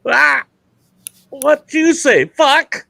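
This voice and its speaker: A man's voice: very high voice, drawn-out words, vocal fry, sharp tone, no echo, pitched above the performer's own voice, heavily acted. A man voicing a rude, foul-mouthed male parrot in a told joke, squawky and defiant. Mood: squawking.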